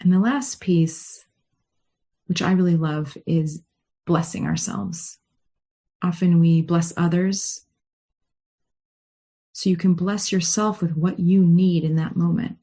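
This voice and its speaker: A woman rabbi leading a guided meditation and teaching, with a gentle, unhurried guiding tone. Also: lowish voice, fairly even intonation, husky. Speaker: rabbi leading a study session.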